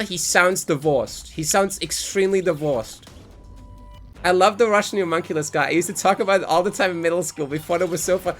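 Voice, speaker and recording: A man's voice: high voice, sharp tone. A man in his twenties rambling through casual, profane commentary while live streaming a game.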